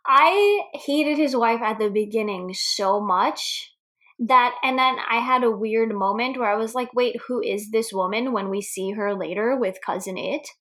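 A woman's voice: a little high, unhurried, a bit bright. A woman co-hosting a casual movie chat, blunt, laughing often and swearing freely. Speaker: podcast co-host.

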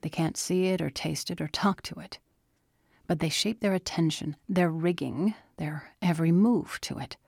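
A woman voicing a calm, thoughtful man who explains things in a measured way. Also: on the high side, gravelly, husky, no room sound, clean studio sound.

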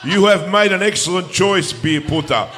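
A man's voice: high-pitched, moderate pace, noisy background, natural voice. A man voicing a pompous, boastful male racer, grandly formal and chuckling as he reads. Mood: grandiose. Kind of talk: comic impression reading a message.

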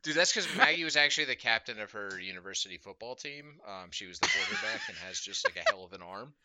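A man's voice: on the low side, wildly swooping pitch, fast, pushed and bright, no echo. A man in casual chat as a podcast co-host, making joking, sarcastic asides.

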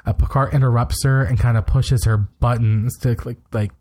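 A man in an easygoing podcast chat, running through a recap at a lively clip and tossing in blunt opinions. His pitch sits right in the middle for a man's voice, and the delivery stays loose and conversational. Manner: brisk, opinionated retelling with quick asides. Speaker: podcast co-host.

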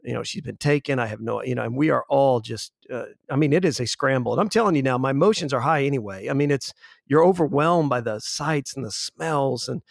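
A man in his forties, telling a personal story as an interview guest in an earnest, halting way with restarts. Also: medium pitch, creaky, no echo, clean studio sound. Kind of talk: conversational storytelling.

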